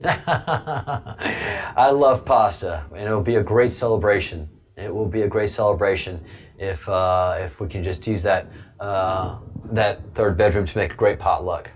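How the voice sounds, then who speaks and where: A man's voice: lowish voice, a little slow. A man hosting a casual live chat stream, rambling with chuckles and many hesitant fillers. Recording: dull lo-fi stream audio.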